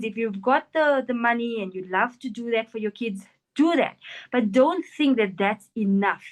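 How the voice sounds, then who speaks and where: Animated woman giving advice. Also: fairly high pitch, poor audio. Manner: earnest, animated, acts out quoted parents and children. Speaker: NLP practitioner and life coach. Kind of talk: interview answers, advice on parenting.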